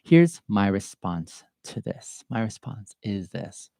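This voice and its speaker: A man's voice: fairly low pitch, very animated, slow, vocal fry, warm tone, no room sound. A middle-aged man hosting a solo podcast, speaking earnestly and from the heart with a stuffy, sniffly nose. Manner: earnest, heartfelt and openly emotional. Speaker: podcast host. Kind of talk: reflective solo podcast monologue.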